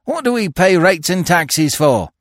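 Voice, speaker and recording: A man's voice: very deep voice, huge pitch swings, normal speed, slightly rough, no room sound, studio quality, voice pushed down, full character voice. A man voicing cheeky young pickpocket. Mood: indignant. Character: young male London pickpocket, cheeky and protesting.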